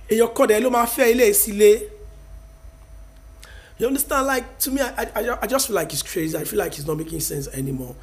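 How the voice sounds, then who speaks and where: A man in his thirties with a Nigerian Yoruba accent, vlogging an emphatic, preachy rant and mixing in Yoruba phrases. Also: sits high. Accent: Nigerian, Yoruba-speaking. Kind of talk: casual opinion rant to camera.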